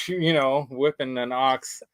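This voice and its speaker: A man's voice: mid-range voice, slow pace, no room sound, low-quality recording. Guy hosting a chill show, rambles and laughs a lot, dry close sound. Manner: rambling, animated storytelling with laughs. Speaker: show host. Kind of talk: casual chat.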